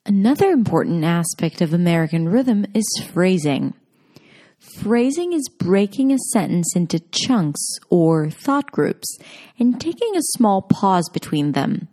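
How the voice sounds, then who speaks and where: A woman narrating a scripted pronunciation lesson, speaking clearly and deliberately as she models example sentences. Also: lowish voice, big pitch swings, warm tone. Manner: slow, clear, deliberate demonstrations. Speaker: pronunciation teacher.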